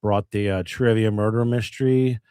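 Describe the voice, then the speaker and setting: Casting: comedian from Maryland, animated storyteller, dry close sound. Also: male voice, lowish voice, normal speed, clear, resonant tone, no echo. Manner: animated storyteller, acts out dialogue. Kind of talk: casual podcast storytelling.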